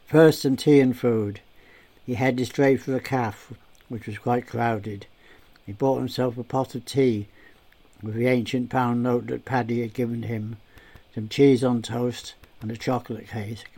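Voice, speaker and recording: A man narrating a story aloud in a steady, unhurried, plain way. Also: medium pitch.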